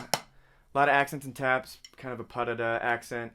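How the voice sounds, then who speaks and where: A man's voice: medium pitch, level tone, normal speed. A man teaching a drum lesson in a casual way, singing drum patterns with vocal syllables and calling out right and left stickings. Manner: calls out stickings and counts beats. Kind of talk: casual instructional talk. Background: drums and music playing.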